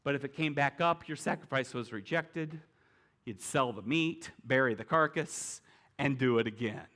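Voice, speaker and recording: A middle-aged man delivers a sermon as a pastor, his voice sitting a little high for a man. He takes his time, speaking slowly and chatting with the congregation through rhetorical questions. He slips in light, humorous asides along the way. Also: a bit bright. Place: church service with congregation.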